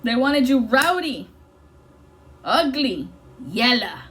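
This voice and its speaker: A woman's voice: high-pitched, very animated, takes it slowly, fairly bright tone. A woman giving an intuitive tarot reading in an intense, blunt and profane way. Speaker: tarot reader.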